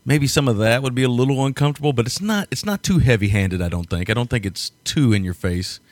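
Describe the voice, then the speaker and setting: A man co-hosting a casual podcast chat, laughing often and talking in halting restarts. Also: medium pitch, lively intonation, no room sound. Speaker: podcast co-host.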